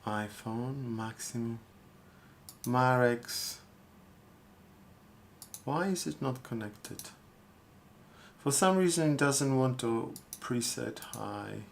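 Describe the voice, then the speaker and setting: A man talks to his viewers on a live stream at an unhurried pace. He rambles and thinks out loud, often repeating his words. His pitch sits in an ordinary middle range. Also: gravelly, a little hiss or hum. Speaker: street artist streaming live. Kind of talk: casual live-stream chat.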